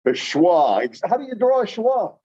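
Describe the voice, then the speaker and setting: A man teaching in a classroom, relaxed and explanatory, with a slightly high but mellow voice. He slows down to demonstrate sounds. The recording is dull and lo-fi. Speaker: English-teaching instructor. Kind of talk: classroom lecture.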